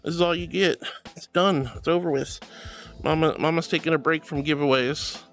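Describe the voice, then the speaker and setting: A woman streaming as a VTuber, casually reading chat with bubbly, affectionate warmth, calling viewers sweetie and honey. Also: steady tone, moderate pace, soft background music. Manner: playful, swings between squeaky highs and low mutters.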